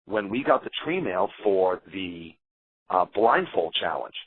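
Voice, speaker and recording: Animated, defensive male interview guest, slightly low voice, phone line. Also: unhurried, breathy edge, dry recording. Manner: animated, defensive storyteller acting out quotes. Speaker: interview guest, eliminated contestant.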